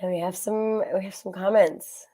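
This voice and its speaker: A woman co-hosting a live chat, soothing and coaxing her friend, frank and quick to swear. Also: medium pitch, fairly even intonation, dark tone. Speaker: co-host. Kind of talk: supportive casual chat.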